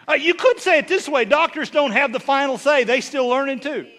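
A bishop preaches a sermon briskly in a high, bright, ringing voice with a drawl. His folksy style rambles through funny stories before driving his points home in loud, rising bursts.

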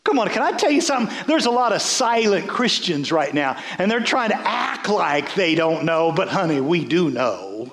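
A man's voice: high voice, very animated, normal speed, hardly any pauses, fairly bright tone. Man, preaching a sermon, folksy, repeats words, roomy church echo. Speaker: bishop preaching.

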